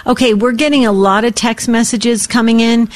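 Woman cohosting a call-in radio show, gentle and encouraging, talks like a friend. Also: fairly high pitch, fairly even intonation, normal speed.

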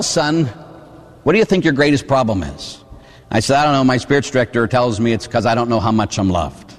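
A Catholic priest from Pittsburgh preaching a storytelling sermon, animated, acting out voices and shouting at the peaks. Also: male voice, medium pitch. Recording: long hall reverb.

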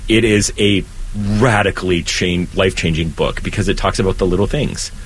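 This low-quality recording, with slight background noise, captures a priest talking about faith at a moderate pace. Earnest and lively, he lifts his pitch when something moves him during the conversational show.

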